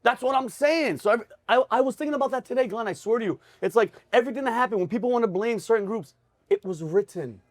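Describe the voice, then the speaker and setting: A man hosting a casual diner chat, telling jokes and stories in an animated way. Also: very high voice, fast talker, no echo. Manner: animated storyteller, breaks into laughter. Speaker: comedy show host.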